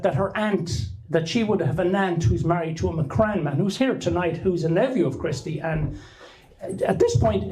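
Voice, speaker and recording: A man's voice: on the high side, darkish tone, poor audio. An Irish man telling a rambling story to a live audience, with frequent restarts and fillers. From Ireland. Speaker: speaker giving a talk to an audience.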